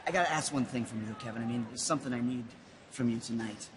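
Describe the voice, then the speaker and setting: A man's voice: mid-range voice, quick pace, slight background noise. Boastful showman wrestler from Canada, hammy delivery, echoing backstage hall. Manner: boastful, theatrical, mock-sentimental. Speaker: pro wrestler. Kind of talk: backstage promo skit.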